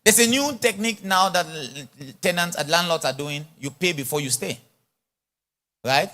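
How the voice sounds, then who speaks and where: A man's voice: a little high, normal speed. A man preaching a sermon at a conference, speaking with an influence and acting out little dialogues. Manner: animated, mixes in pidgin English and acted-out dialogue. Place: large church or conference hall.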